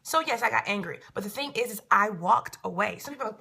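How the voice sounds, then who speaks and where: Woman vlogger talking straight to camera, emphatic and repetitive, with a husky, creaky edge. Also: medium pitch, expressive, fast talker, pushed and bright. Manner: emphatic and repetitive, filling gaps with "da da da". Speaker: reality show cast member answering viewers. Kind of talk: casual to-camera vlog.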